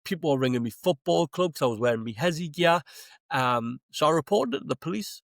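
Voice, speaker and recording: A man's voice: on the high side, a little fast, vocal fry, dry recording, studio quality. A man with a Geordie accent, a stand-up comedian guesting on a podcast, telling stories in casual chat, swearing freely and acting out what people said. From Newcastle, England. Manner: swearing, animated anecdotes with acted-out quotes. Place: podcast studio.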